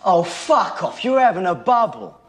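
A man's voice: high-pitched, big pitch swings, moderate pace. An actor playing a young male football hooligan with a Cockney accent, talking in a curt, swearing, dismissive way. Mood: hostile. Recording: faint background noise in a film clip.

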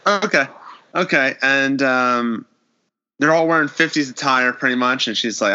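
A man in a casual podcast chat, retelling a horror episode with animated storytelling and acting out the characters' lines. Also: mid-range voice, moderate pace, clean tone, muffled recording.

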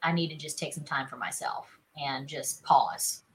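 A woman's voice: low voice, fairly even intonation, moderate pace, low-quality recording. A woman in her thirties from South Carolina with a Southern accent, chatting as an interview guest with many "you know"s and "like"s. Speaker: actress guest. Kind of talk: casual interview chat.

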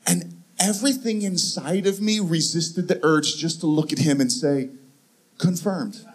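Middle-aged guy preaching, pretty high voice, acts out the back and forth, lots of stops and restarts. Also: moderate pace. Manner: animated storytelling, acting out both sides with many restarts. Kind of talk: sermon story.

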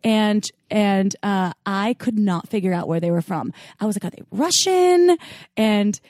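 Laughing, animated woman podcast co-host. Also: mid-range voice, moderate pace, no echo, clean studio sound. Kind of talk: casual chat.

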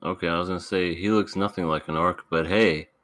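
A man's voice: low voice, fairly even intonation, brisk, fairly bright tone, no echo. A man co-hosting a podcast in casual chat, hesitant with fillers and laughing often. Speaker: podcast co-host.

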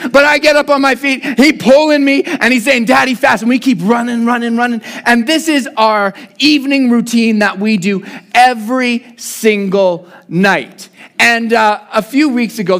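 A young adult man preaching a sermon, praying and telling a lively family story, sometimes shouting as he acts it out. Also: very high-pitched, normal speed. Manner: animated storytelling, shouting when acting out his son. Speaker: pastor.

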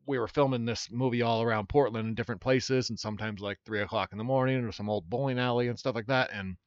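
A man, a comedian guest, telling stories in a casual, rambling, animated way with lots of fillers. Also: mid-range voice, fast, dry recording, highs cut off. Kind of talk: casual storytelling chat.

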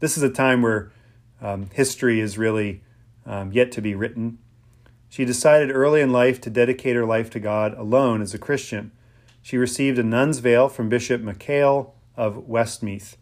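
A man from Pennsylvania preaching an informal, conversational sermon, with frequent pauses, ums and restarts. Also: medium pitch. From Pennsylvania, USA.

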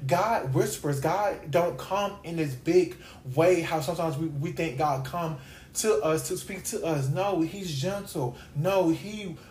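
A man's voice: fairly high pitch, unhurried, a little mellow, echoey room, a little hiss or hum. A man giving a sermon-style podcast talk as host and Bible teacher, emphatic and repetitive, piling up lists of questions.

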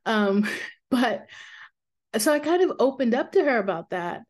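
A woman hosting her own podcast, talking candidly and reflectively in a casual way, with fillers and soft laughs. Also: medium pitch, normal speed. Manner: calming voice for guided meditations. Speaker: podcast host. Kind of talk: casual personal podcast talk.

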